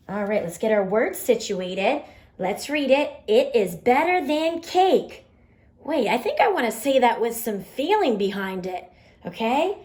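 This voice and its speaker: A fairly high-voiced woman teaching young children in a bright, encouraging tone. She slows down for little sing-song rhymes and talks to the class as if they were right there. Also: echoey room. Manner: slow, sing-song tunes; cheerful, encouraging. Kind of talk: children's lesson.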